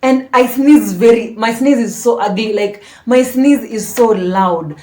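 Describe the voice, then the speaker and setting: A woman recounts an embarrassing story for her vlog audience in a lively, slangy voice. She swings from dramatic emphasis to near-whispered asides. The room around her is echoey, with faint background noise. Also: fairly high pitch, measured pace, few pauses. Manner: animated, dramatic, slangy, drops to hushed asides. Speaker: storytime vlogger. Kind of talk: casual storytelling to camera. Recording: roomy echo.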